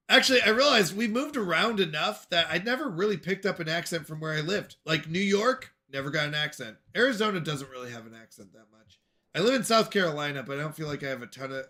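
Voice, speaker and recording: An American man chats casually on a gaming livestream, drifting from topic to topic as he replies to viewers. His voice sits high and sounds bright and forceful. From United States. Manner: rambling, answers chat questions aloud. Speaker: streamer.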